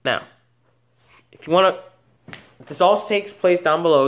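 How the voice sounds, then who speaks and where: With a high voice and a measured pace, a man hosting an animal video channel chats off the cuff. His unscripted animal talk is casual and rambling, packed with false starts and self-corrections.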